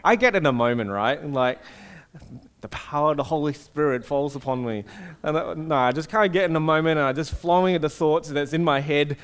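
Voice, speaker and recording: Pastor with a slightly high voice. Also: male voice, brisk, clean tone. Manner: casual and storytelling, asks the audience questions. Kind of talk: conversational sermon.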